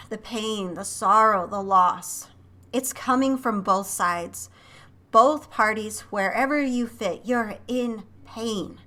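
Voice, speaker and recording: A woman reading tarot for her viewers in a bright, forceful voice. She is emotive and breaks in with exclamations as she channels what she senses. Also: medium pitch, slow pace. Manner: emotive, exclaiming as impressions come in. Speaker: tarot reader and psychic channel. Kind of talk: intuitive tarot reading to camera.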